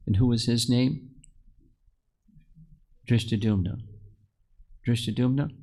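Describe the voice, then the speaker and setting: A man's voice: mid-range voice, a little mellow. A man teaching a scripture class to a live group. He tells the stories as he goes, asks the listeners questions, and often restarts or repeats words. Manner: storytelling, asks the audience questions. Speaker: spiritual teacher.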